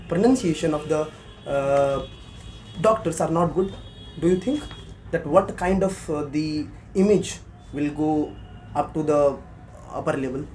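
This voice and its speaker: A young man from Bihar speaks with an Indian accent, answering as a candidate in a mock job interview. His voice sits a little high but sounds soft and mellow, with a faint hiss of noise behind it. He hesitates a lot, then pushes his point harder when challenged. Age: 20s. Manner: hesitant, many fillers, grows insistent when arguing.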